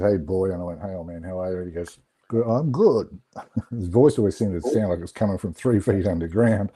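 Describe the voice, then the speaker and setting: A middle-aged man, telling stories in a relaxed, reflective way on a video call. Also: lowish voice, breathy edge. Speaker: guest. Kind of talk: casual storytelling on an online call.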